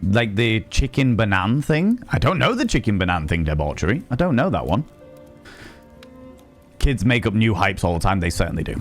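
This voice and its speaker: A man, a streamer and sex educator, chatting casually and telling animated, wry stories while swearing freely. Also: fairly low pitch, normal speed, soft background music. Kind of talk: casual live-stream chat.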